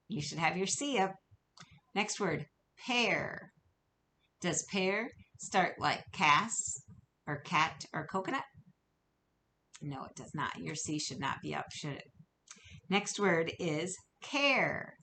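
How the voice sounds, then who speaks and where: A kindergarten teacher records a remote phonics lesson for young children, patiently encouraging them and stretching out sounds. Her lowish voice is pushed and bright, with a little hiss or hum in the recording.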